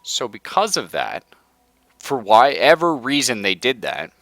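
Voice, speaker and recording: A young man live-streaming a strategy game, hoarse from being sick, ranting in casual chat and laughing often. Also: mid-range voice, sing-song, unhurried, fairly bright tone, no echo. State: hoarse from illness. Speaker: livestreamer.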